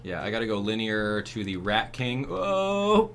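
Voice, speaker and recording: A man narrates his video game walkthrough and reacts with frequent exclamations. His voice is bright and forward, and his pitch swings widely. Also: big pitch swings, measured pace, soft background music. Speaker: gaming channel host.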